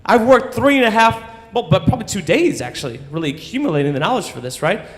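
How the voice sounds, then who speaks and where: A man with a somewhat raised pitch tells a story live from a stage, animated and profane, punctuating his lines with "right?". His voice carries a long, ringing reverb from the hall. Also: fast talker.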